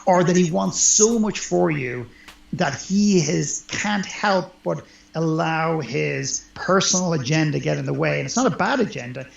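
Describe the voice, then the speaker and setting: A little high and animated, this man's voice has vocal fry and moves a little slowly. He works as a life coach and speaks earnestly and emphatically as a guest in a conversational interview, recorded with roomy, dull lo-fi sound.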